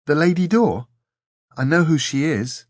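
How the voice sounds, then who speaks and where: A man's voice: on the high side, expressive, no room sound, studio quality, voice pushed up. A man voicing a thin, nervous young girl who talks earnestly and warily. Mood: matter-of-fact. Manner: earnest, wary, quick to take offence.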